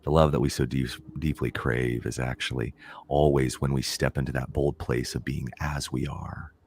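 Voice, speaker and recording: Deep-voiced man, relaxed reflective guest. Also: normal speed, husky. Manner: reflective, laughs often, many ums and restarts. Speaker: podcast guest, author. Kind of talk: casual podcast interview.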